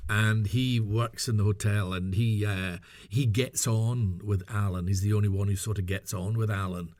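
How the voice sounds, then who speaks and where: A man's voice: fairly low pitch, steady tone, moderate pace, darkish tone, no room sound. A middle-aged man telling stories in a casual interview, chatty and self-mocking, laughing often. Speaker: interview guest, voice actor. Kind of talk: casual anecdotal interview talk.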